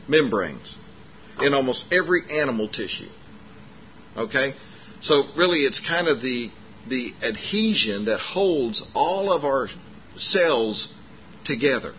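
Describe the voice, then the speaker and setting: Man, folksy storytelling preacher, muffled lo-fi sermon tape with faint hiss. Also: medium pitch. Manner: folksy, animated retelling with acted dialogue and frequent fillers.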